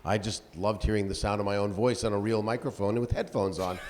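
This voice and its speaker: A man in his sixties, a voice actor on a convention panel, telling stories in an animated way. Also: on the low side. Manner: animated, quick storyteller who slips into voices. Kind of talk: casual panel storytelling. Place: convention hall. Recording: long echo of a convention hall, faint noise.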